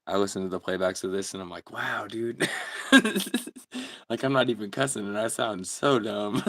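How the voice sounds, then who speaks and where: Deep gravelly laid-back man. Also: big pitch swings, unhurried, sharp tone. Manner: laid-back, laughs often, slangy. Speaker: livestream host. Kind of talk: casual livestream chat reading comments.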